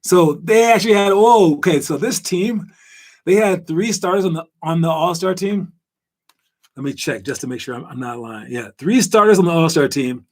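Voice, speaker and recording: Guy rambling about hoops, kinda high voice, lots of um and like. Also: normal speed. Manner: rambling, animated, lots of fillers. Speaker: podcast host. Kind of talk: casual basketball chat.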